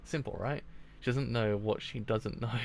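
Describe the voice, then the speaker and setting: Gravelly man reading comics aloud. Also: mid-range voice, a little slow, a little mellow, a little hiss or hum. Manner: reads aloud with stumbles and restarts. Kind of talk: casual live comic read-along.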